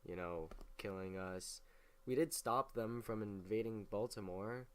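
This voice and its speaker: Brief: young male host, lowish voice, rambling, swears a lot, loose casual history recap. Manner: rambling, profane, heavy use of filler words.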